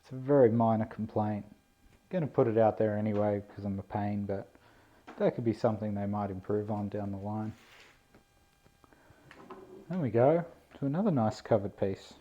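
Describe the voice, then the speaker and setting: A man's voice: fairly low pitch, moderate pace, pauses often. A man giving a laid-back, self-deprecating unboxing commentary on a model plane, indoors on a camera mic. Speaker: RC plane hobbyist vlogger. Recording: dull lo-fi camera audio.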